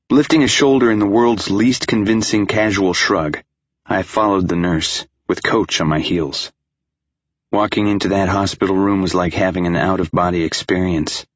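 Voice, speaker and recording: A man narrating a first-person story as an audiobook, in a tense, anxious manner, voicing the dialogue quietly. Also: deep voice, no room sound, muffled recording.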